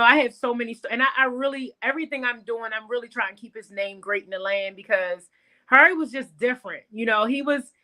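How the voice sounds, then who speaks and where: Salon-owner guest, woman; bright, lively storyteller. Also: a little high. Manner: animated storyteller, calls the host girl. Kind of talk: casual interview chat.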